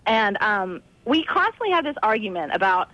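A woman's voice: medium pitch, very animated, normal speed, bright, forceful tone, no echo. A young woman, a college student, calling in to a radio show, talking hesitantly with many fillers. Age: young adult. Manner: hesitant, giggly, filler-heavy. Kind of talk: phone-in conversation. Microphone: telephone. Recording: dull, dry phone line.

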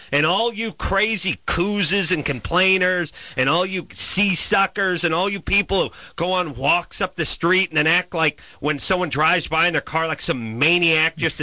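Ranting about his neighbors, this podcast host gets profane and exasperated for comic effect as he tells the story. He has a fairly high, bright voice with a forceful tone, captured in a dry recording.

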